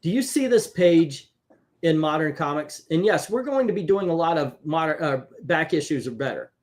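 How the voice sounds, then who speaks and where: A man hosting a casual comic book review chat, talking in an animated, chatty way and laughing easily. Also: fairly high pitch, normal speed. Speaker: comic book show host.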